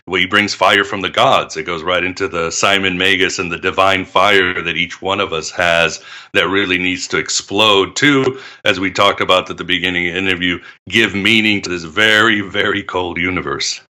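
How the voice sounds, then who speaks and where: A deep-voiced man guesting on a podcast, his low tone paired with a very bright, sharp edge. He talks expansively, spinning stories and laughing often. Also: steady tone, moderate pace. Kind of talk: conversational interview.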